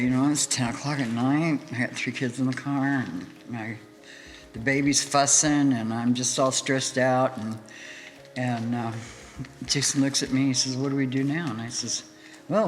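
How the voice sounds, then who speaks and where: A woman guest in an interview, telling a story in a lively way, laughing often and acting out what people said. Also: a bass voice. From United States. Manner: animated, laughing storyteller who acts out quotes. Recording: hall reverb with faint music.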